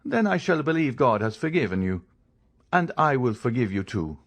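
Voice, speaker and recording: A man reading an audiobook, voicing a stern, contemptuous count disguised as a priest who speaks in measured, cold commands. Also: medium pitch, sing-song, voice pushed up.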